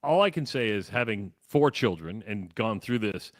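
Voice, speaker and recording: A man's voice: fairly low pitch, lively intonation, moderate pace, dry recording, clean studio sound. A man in his fifties co-hosting a sports radio show, chatting in a reflective, fatherly way. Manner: reflective, fatherly, rambling with restarts. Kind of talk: casual sports radio chat.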